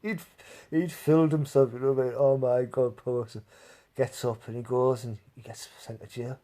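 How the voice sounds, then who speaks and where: A man with a warm, steady, medium-pitched voice talks at a normal pace while hosting a live stream. He tells rambling stories to his chat, laughs often, and swears freely.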